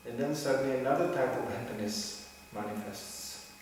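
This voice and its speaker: A man telling lively stories in a talk, acting out voices and laughing often. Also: mid-range voice, moderate pace, slight background noise. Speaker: speaker at a religious gathering. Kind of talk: storytelling talk. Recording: echoey hall, voice from far off.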